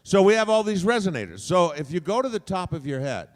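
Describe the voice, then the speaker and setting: A man on a convention panel explaining voice acting, animated and showing off different voices as he talks. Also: high-pitched, quick pace. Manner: animated, demonstrates voices by moving resonance around. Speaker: voice actor panelist. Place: convention hall. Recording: long hall reverb.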